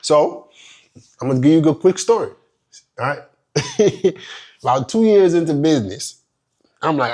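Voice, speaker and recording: A man's voice: on the high side, very animated, unhurried, pauses often, darkish tone. A man who is a business coach, telling a personal story in a course lecture in a blunt, profane, emphatic way. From immigrant.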